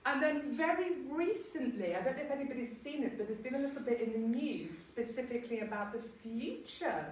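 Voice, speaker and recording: A woman's voice: on the high side, animated, brisk, distant mic, slight background noise. A woman giving a casual local history talk to a small group, chatty and self-deprecating with many ums. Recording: echoey room, speaker off-mic.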